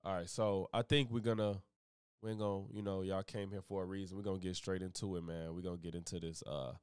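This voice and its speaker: Smooth-voiced profane streamer man. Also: sits low, flat delivery, fast, darkish tone, no room sound, clean studio sound. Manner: loose, profane, rambling. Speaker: live streamer, host. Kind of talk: casual live-stream reaction chat.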